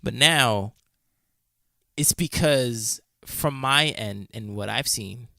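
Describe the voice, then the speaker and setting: A man co-hosting a podcast tells stories in a loose, animated way, laughing often and swearing without a second thought. His voice is bright and forward. The sound is dry and close, with almost no room around it. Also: mid-range voice, takes it slowly, gravelly, dry recording. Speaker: podcast co-host. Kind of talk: casual chat.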